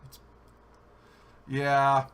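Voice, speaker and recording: An American man hosting a live-stream podcast, animated and jokey, swearing freely. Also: medium pitch, extremely slow, clear, resonant tone. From United States. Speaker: podcast host. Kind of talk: casual live-stream chat.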